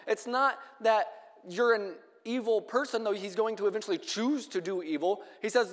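A man with a high voice delivers a sermon, moving at a measured pace and reading scripture aloud. His words ring out with a long echo from the church hall around him. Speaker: preacher.

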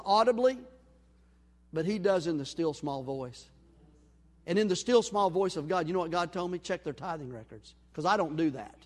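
A male pastor with a high voice, preaching and acting out a story's dialogue as he swings from loud to hushed. His sermon rings with long reverb in a church sanctuary.

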